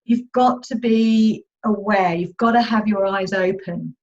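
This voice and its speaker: Over a video call with dull, lo-fi sound, a money mindset coach hosts a live online masterclass. She speaks in a mid-range voice at a measured pace, staying chatty, upbeat, and informal.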